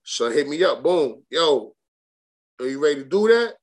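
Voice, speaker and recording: A man's voice: a little high, sing-song, moderate pace. A young man, telling a rambling, profane story as a guest in a casual interview, full of restarts and slang. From Brooklyn, New York. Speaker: guest rapper.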